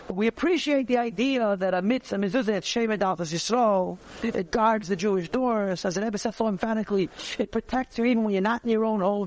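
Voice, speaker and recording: A man, teaching a conversational Torah class, animated and repeating phrases as he searches for words. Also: high voice, slight background noise.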